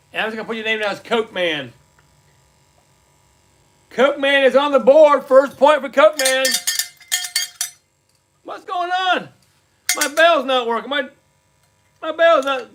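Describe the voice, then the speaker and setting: A man with a very high, bright and forceful voice hosts a live trivia night in casual chat. He reads out scores and repeats each question slowly. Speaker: livestream trivia host.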